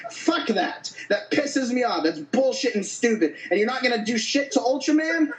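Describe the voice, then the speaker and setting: Guy with a high voice going off on a cussing shouty rant, roomy echo. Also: expressive, normal speed, slight background noise. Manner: angry, swearing, shouting. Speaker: podcast co-host. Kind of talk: profane comedic rant.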